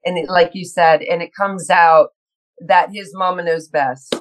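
A woman's voice: on the low side, fairly even intonation, a little slow, poor audio. Bubbly woman actress chatting. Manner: bubbly, laughs often, lots of restarts. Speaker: guest actress. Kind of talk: casual interview chat.

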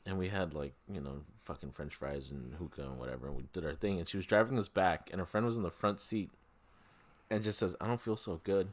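A man hosting a podcast, telling stories in a casual, profane, animated way. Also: low voice, a little fast. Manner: swearing storyteller, animated. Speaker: podcast host. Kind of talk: casual chat.

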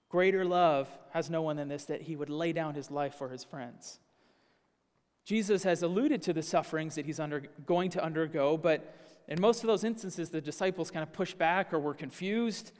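Male pastor, earnest teaching sermon, a touch high-pitched, long reverb from a church hall. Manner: earnest, teaching, asks the congregation questions. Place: church sanctuary.

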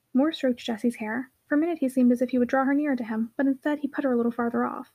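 Casual: woman reading a classic novel, quick and high-pitched. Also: fairly even intonation, dark tone, highs cut off. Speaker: audiobook narrator. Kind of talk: scripted narration.

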